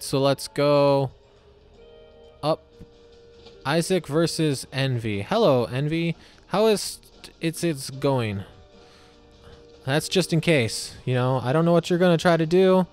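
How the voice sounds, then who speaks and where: A man chattering over a video game run in loose, goofy commentary, greeting enemies and joking crudely. His voice swings widely in pitch but his pace stays slow and drawn out. Faint game music sits behind him. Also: clean tone. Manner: goofy, talks to enemies, silly voices and swearing. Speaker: gameplay commentator. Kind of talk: casual let's-play commentary.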